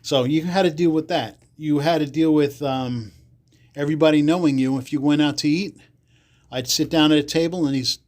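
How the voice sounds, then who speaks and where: A man from the Bronx, a podcast guest telling rambling stories and acting out the people he quotes. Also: fairly high pitch. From the Bronx, New York. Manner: rambling, acts out quoted people in livelier voices. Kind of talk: casual storytelling interview.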